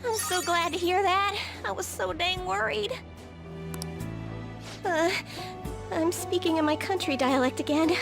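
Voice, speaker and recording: A woman's voice: extremely high pitch, measured pace, vocal fry, long pauses, exaggerated voice. A shy Southern country girl. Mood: relieved. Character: timid young woman with a country dialect. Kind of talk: game voice acting. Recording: music playing behind.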